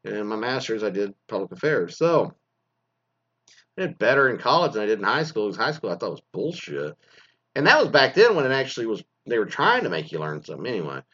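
A man's voice: lowish voice, very animated, quick pace, a bit bright. Profane rambling man, slightly muffled. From Texas. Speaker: former teacher. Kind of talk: casual profane rant.

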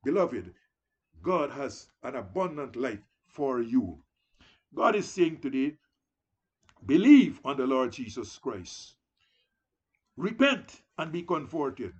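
A man's voice: medium pitch, big pitch swings, takes it slowly, long pauses, husky. A man preaching a sermon in an earnest, exhorting manner, often calling his listeners "beloved" and rising into emphatic declarations.

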